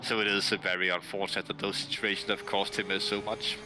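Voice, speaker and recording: A man commentating a sim race, explaining racing lines in an analytical way, halting with fillers and restarts. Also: on the low side, little pitch movement, noisy background.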